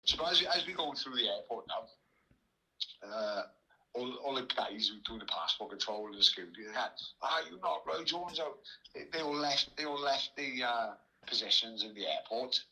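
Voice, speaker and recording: A man's voice: fairly low pitch, animated, moderate pace, bright, forceful tone, husky, poor audio. A man with a Welsh accent, a podcast guest telling a rambling anecdote, laughing often and restarting his sentences. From Wales. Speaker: podcast guest, former boxer. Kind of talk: casual storytelling.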